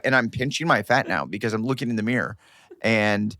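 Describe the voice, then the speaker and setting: A man's voice: medium pitch, a little fast, no echo, clean studio sound. A man co-hosting a comedy podcast, telling stories in casual chat and acting out the dialogue as he goes. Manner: animated storyteller acting out quoted dialogue. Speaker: podcast co-host.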